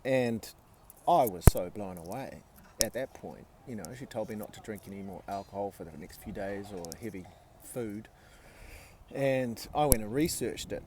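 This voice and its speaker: A man's voice: on the low side, normal speed, noisy background. Candid man in his forties telling a story. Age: 40s. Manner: candid, swears freely, many fillers. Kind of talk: casual personal storytelling.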